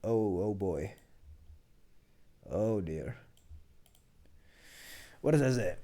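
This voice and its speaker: Male streamer, casual meme commentary, lively pitch, mellow tone, rambling and self-correcting. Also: extremely slow, pauses often. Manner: chatty, muttering, laughs at jokes, many restarts. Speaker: streamer reacting to memes.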